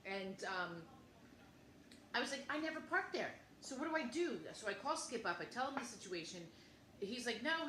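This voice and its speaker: Woman in her fifties, bright voice, slightly high, rambling storyteller, echoey room. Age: 50s. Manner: rambling storyteller who acts out both sides of conversations. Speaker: podcast co-host. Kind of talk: casual chat. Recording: echoey room with faint noise.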